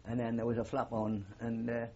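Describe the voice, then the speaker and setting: An elderly man with a Geordie accent reminisces in a rambling, anecdotal way, full of "uh" and "you know". His voice is husky and mellow. The recording is dull and lo-fi. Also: mid-range voice, completely flat delivery, a little fast. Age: older. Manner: rambling anecdotal storytelling with frequent fillers. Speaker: war veteran interviewee. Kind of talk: oral history interview.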